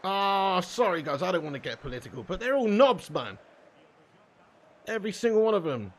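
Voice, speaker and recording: Sweary high-voiced British streamer. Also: male voice, sing-song, moderate pace. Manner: sweary, ranting, laughs often. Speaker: game streamer. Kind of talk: casual live-stream rant.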